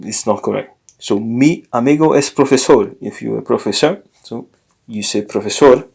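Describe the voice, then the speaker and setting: A man teaching a casual language lesson, explaining slowly with many fillers and self-corrections. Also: medium pitch, creaky, a little mellow, breathy edge.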